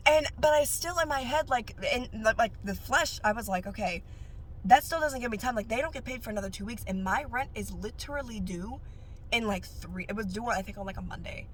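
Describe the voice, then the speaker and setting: A woman who works as a nail technician, sharing her faith testimony in a casual, animated way that jumps up high whenever she gets excited. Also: a little fast.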